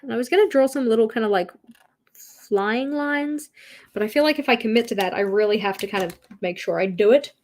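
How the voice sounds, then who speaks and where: A chatty, giggly Australian woman with a slightly high voice, hosting a casual livestream. She talks to her viewers and to herself as she draws, laughing often. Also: a little fast, a little mellow. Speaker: livestream host. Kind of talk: casual livestream chat while drawing.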